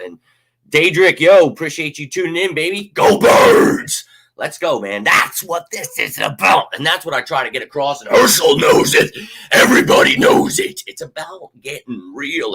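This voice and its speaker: A young man hosting a fan channel, talking in a casual, rambling, animated way with lots of fillers and sudden shouted bursts. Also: mid-range voice. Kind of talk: casual livestream talk.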